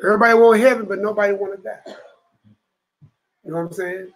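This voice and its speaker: A man's voice: high-pitched, steady tone, fast, low-quality recording. A man teaching a Bible study to a room of brothers, preaching emphatically and often asking "you know what I'm saying?".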